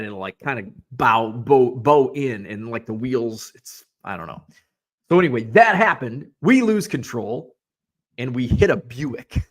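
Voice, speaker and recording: A man in his forties hosts a casual hobby show, rambling through a self-mocking story. His voice sits a little high and swings widely in pitch, and he drops in the odd swear word. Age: 40s.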